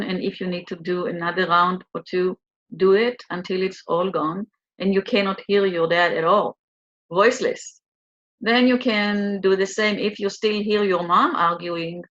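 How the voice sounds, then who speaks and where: A woman leads a guided tapping exercise, speaking slowly and soothingly and repeating her cues. Her voice sits at a middling pitch. The recording sounds a little dull and lo-fi. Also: a bit bright. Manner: slow, soothing, repetitive guidance. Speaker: EFT tapping coach.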